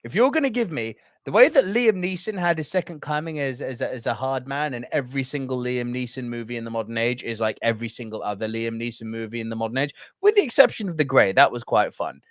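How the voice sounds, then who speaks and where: A young man co-hosting a casual podcast, talking in an animated, emphatic way with plenty of swearing. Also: mid-range voice, fast talker, few pauses, dry recording, studio quality. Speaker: podcast co-host.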